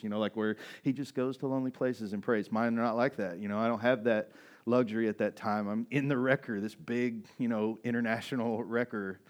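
A man in his forties preaches from the pulpit, his voice sitting on the low side. He tells a personal story loosely and casually, full of "you know" and "right?", and often starts a sentence over. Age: 40s. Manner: storytelling, conversational, many fillers and restarts. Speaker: pastor. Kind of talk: sermon with personal testimony.

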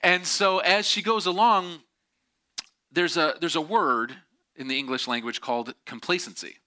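A man telling a story in a lively way, acting out the voices of the people in it. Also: fairly high pitch, moderate pace. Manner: animated, acts out quoted voices. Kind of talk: storytelling talk.

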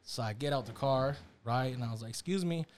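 A young man telling a story in casual chat, animated and slangy, acting out the quotes. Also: mid-range voice, brisk, a little hiss or hum. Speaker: storyteller on a podcast.

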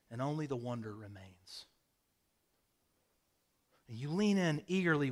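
A man preaching a sermon, telling vivid stories with sudden swings from loud bursts to quiet, hushed phrases. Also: medium pitch. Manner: storytelling, dramatic swings in loudness. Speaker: pastor. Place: rural home with a hayfield.

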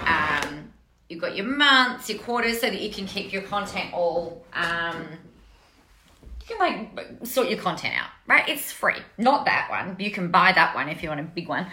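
A woman's voice: medium pitch, sharp tone, slight background noise. A woman with an Australian accent, chatting casually to camera as a business coach, telling a story with lots of swearing and laughter.

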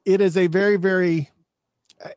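A man's voice: high-pitched, fairly even intonation, normal speed, darkish tone, clean tone, no room sound, studio quality. A man hosting an interview, asking questions in an enthusiastic, chatty way. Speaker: host. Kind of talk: casual interview chat.

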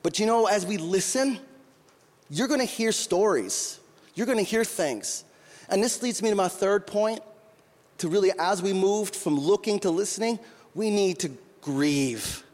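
In a recording with long hall reverb, a middle-aged man preaches and tells a story with earnest feeling, often restarting what he says. He has a high, unhurried, slightly mellow voice and sounds like he's from Minnesota or North Dakota.

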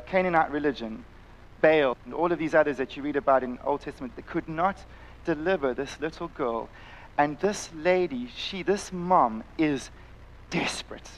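A middle-aged man preaching a sermon, impassioned, sometimes acting out voices and sometimes dropping to a quiet intensity. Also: a little high, normal speed, rough recording. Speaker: pastor. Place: church, live-streamed service.

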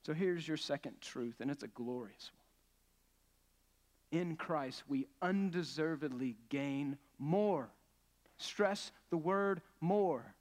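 Speaking slowly with lively intonation and a darkish tone, a pastor whose voice is slightly higher delivers an earnest, emphatic sermon. He frequently puts questions to the congregation, and the church sanctuary leaves a long reverb tail.

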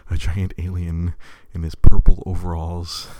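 A man's voice: sits low, completely flat delivery, a little slow, mellow, no echo. A man in his thirties chatting casually as a podcast host, rambling with many stammered restarts and frequent laughs. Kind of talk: casual chat.

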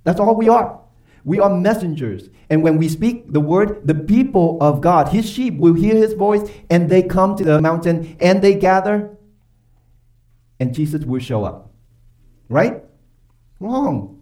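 A man preaching a sermon with emphatic, questioning delivery, his voice sitting a little high. He is picked up from a distance, so he sounds set back from the mic in the church. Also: expressive, measured pace, pauses often, mellow. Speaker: pastor. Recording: voice from far off the mic.

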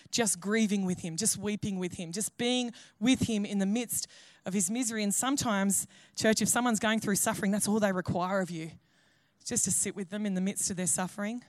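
A woman's voice: medium pitch, dry recording, clean studio sound. A woman pastor, preaching a sermon in an earnest, conversational way.

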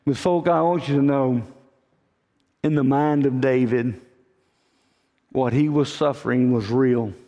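Slow, folksy preacher in a reverberant hall. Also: male voice, mid-range voice, fairly even intonation, warm tone, muffled recording. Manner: folksy storytelling preacher, addresses listeners as folk. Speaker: pastor. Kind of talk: sermon.

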